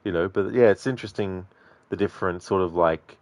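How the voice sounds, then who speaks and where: Male game streamer, very low voice, dry close recording, easygoing rambling chat with viewers. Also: a little fast, darkish tone, no room sound. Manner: chatty, loose, greets and answers chat by name. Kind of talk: casual chat with live viewers while playing.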